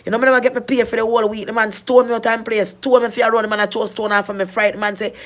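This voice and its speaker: A woman's voice: a little high, flat delivery, rapid-fire. A middle-aged woman with a Jamaican accent, telling her own life story in earnest patois, often repeating and restarting her phrases. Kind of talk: personal storytelling.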